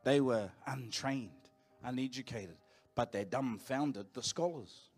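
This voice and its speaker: Forties Kiwi-accented man, pastor in church, relaxed storytelling sermon, mid-range pitch, faint music behind. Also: slightly rough. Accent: New Zealand. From New Zealand. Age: 40s. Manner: conversational and anecdotal, with quick asides to the congregation. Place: church auditorium.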